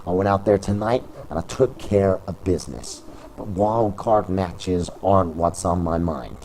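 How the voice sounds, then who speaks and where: A man voicing a confident male pro wrestler, speaking calmly and steadily in a low voice. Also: unhurried, slight background noise, poor audio. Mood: determined.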